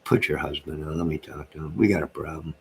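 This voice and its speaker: A man's voice: very deep voice, little pitch movement, quick pace, vocal fry, a little hiss or hum. A man hosting a late-night livestream from home, bantering and joking in a rambling way as he answers his viewers' comments. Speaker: livestream host reading chat.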